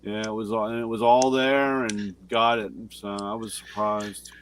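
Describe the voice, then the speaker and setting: A man's voice: lowish voice, little pitch movement, normal speed, a crowd in the background. A man co-hosting a casual chat, rambling and hesitant, with many fillers. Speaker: co-host.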